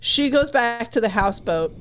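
A woman's voice: a little high, lively intonation, normal speed, a bit bright. A woman co-hosting a podcast, recapping a romance novel in casual chat with a wry, sarcastic edge. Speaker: podcast co-host.

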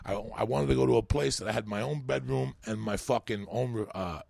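Gravelly, husky New storyteller. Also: male voice, medium pitch, a little fast, no echo. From New York. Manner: animated, swearing, rambling. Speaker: comedian guest. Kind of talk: profane podcast storytelling.

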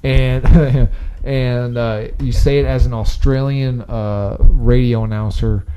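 A man hosting a casual podcast from a basement, rambling and excitable and often laughing. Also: medium pitch, slow pace, muffled recording, slight background noise. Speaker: podcast host. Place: parents' basement.

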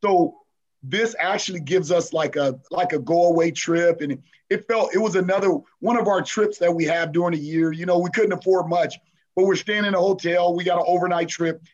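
A man, a basketball coach, telling a story in an interview with lively, acted-out dialogue. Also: high voice, fairly quick, dull audio. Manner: animated retelling, acts out players' voices, frequent "man".

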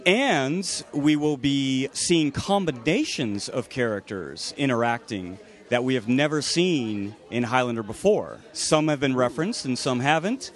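A man of ordinary pitch who talks eagerly and at length, with plenty of "you know" fillers. He is a guest in a casual interview recorded outdoors at a fan convention. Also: animated, a little slow, few pauses. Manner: eager, rambling, many fillers.

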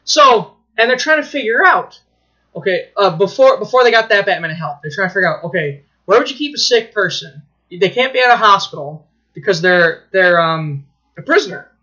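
A man excitedly narrates a plot while co-hosting a casual podcast, with free profanity and frequent sentence restarts. His high voice moves a little fast over lo-fi sound.

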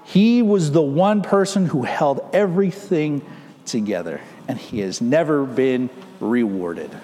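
A man's voice: mid-range voice, lively intonation, measured pace, dark tone, slight background noise. A male pastor preaching a sermon in a church, explaining the story step by step and checking in with "right?". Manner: explanatory, asks "right?" to check listeners follow. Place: church sanctuary. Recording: long church reverb.

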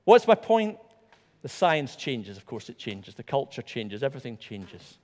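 A man preaching a sermon in a church, animated and emphatic, repeating words for stress. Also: medium pitch, measured pace. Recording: long hall reverb.

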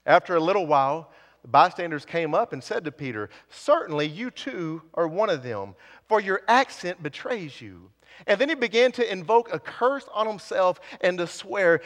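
A man's voice: on the high side, lively intonation, unhurried, fairly bright tone. A man preaching a sermon, building with repeated phrases and dropping to near whispers. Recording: long hall reverb.

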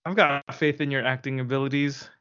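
A man's voice: medium pitch, fairly even intonation, brisk, a bit bright, dull audio. A man co-hosting a casual comics podcast, joking and teasing his partner in friendly banter. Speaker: podcast co-host. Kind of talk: casual chat.

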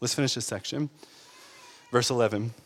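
A man preaching a sermon, animated and laughing often, checking in with the congregation as he goes. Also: medium pitch, moderate pace. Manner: animated, laughs often, asks the crowd "right?". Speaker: pastor. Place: church sanctuary. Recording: long hall reverb.

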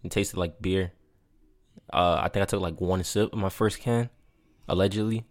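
Young man around 20, very low voice, casual podcast host steering the chat. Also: steady tone, moderate pace. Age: about 20. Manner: joking, leads segments, many fillers.

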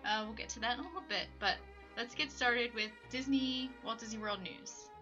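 A woman co-hosting a casual podcast, talking fast and giggling often. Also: on the high side, bright, forceful tone, highs cut off, faint music behind. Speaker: podcast co-host. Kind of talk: casual chat.

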